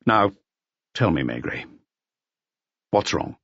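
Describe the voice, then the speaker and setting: A man's voice: deep voice, very animated, slow, fairly bright tone, no echo, full character voice. A man reading an audiobook, voicing a senior male police superintendent who speaks firmly and reassuringly. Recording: dull lo-fi audio.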